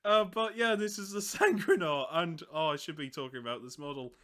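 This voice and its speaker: A man's voice: on the high side, lively intonation, a little fast, sharp tone. A man hosting a casual hobby chat, rambling and self-mocking, often breaking into giggles. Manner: giggly, keeps breaking into laughter. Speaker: hobby channel host.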